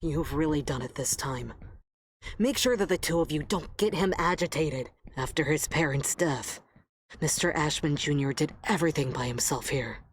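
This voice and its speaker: An actress playing a worldly hotel maid who gossips knowingly to a new coworker in a video game. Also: female voice, low-pitched, normal speed, a little hiss or hum, natural voice. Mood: gossipy. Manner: gossipy, knowing, drops to confiding tones.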